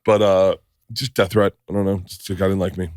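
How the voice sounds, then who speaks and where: A man's voice: low voice, level tone, a little fast, a little mellow, no room sound, clean studio sound. A middle-aged man hosting a podcast, telling profane, rambling stories and acting out quoted lines in casual chat. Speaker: podcast host.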